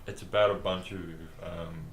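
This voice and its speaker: A man's voice: deep voice, little pitch movement, normal speed, slight background noise. A young man chatting casually during a let's play, with dry, blunt banter. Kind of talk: casual gaming chat. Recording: echoey room.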